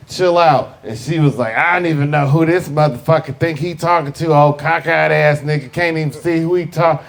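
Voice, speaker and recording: A man's voice: a little high, creaky, a little hiss or hum. A man from the South, doing a stand-up comedy set with a brash, profane, punchy delivery. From American South. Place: live comedy venue with audience.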